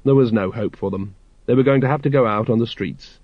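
A man narrating a story aloud in a wry, expressive way. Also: medium pitch, fairly quick, no room sound, lo-fi sound. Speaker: audiobook narrator.

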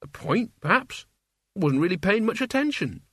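Flustered young hero-in-training, voiced high and husky by a male narrator, dry close read. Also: big pitch swings, normal speed, fairly bright tone, no echo, heavily acted. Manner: indignant, high-strung.

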